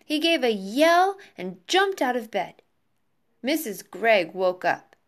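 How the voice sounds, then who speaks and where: Woman teacher, read-aloud to pupils on a video call, slow, lively pitch. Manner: slow, expressive, warm sign-off to pupils. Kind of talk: reading a children's book aloud to a class.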